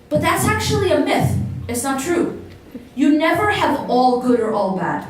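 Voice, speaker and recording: A woman's voice: sits high, very animated, moderate pace, hardly any pauses. A woman giving a religious lecture to a live audience, talking conversationally and asking the listeners questions. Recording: echoey hall, voice from far off, faint noise.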